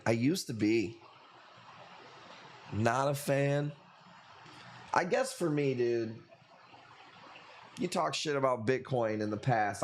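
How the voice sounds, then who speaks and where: A man's voice: mid-range voice, slight background noise. A man hosting a live coral auction stream, bantering loosely and profanely with viewers and calling out bids.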